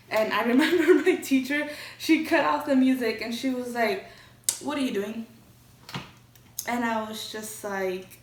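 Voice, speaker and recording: A woman's voice: fairly high pitch, fairly even intonation, normal speed, a little hiss or hum. A young woman vlogger telling a storytime in a candid, chatty way, swearing freely. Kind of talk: casual storytime. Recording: roomy echo, from a distance.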